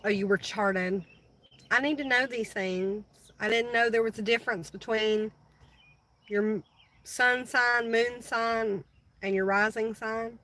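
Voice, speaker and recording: A woman's voice: a little high, fairly even intonation, a little slow, pushed and bright, rough recording. A middle-aged woman hosting a casual livestream, chatting with viewers and answering their comments by name. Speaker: livestream host.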